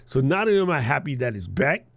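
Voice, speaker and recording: Gravelly-voiced male podcast coach. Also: medium pitch, fast talker, no echo. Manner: animated, joking, laughs often. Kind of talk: live workshop chat.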